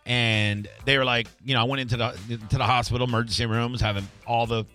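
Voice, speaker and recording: A man's voice: medium pitch, fairly even intonation, fast talker, pushed and bright, faint music behind. A middle-aged man hosting a casual talk show, telling a story animatedly and acting out the voices of the people in it. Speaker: podcast host.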